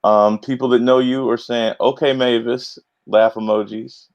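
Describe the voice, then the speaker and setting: Gravelly upbeat male trivia host. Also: lowish voice, little pitch movement, moderate pace, a little mellow. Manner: chatty, upbeat, announcer-style hype with many fillers. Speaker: trivia game show host. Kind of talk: casual livestream hosting.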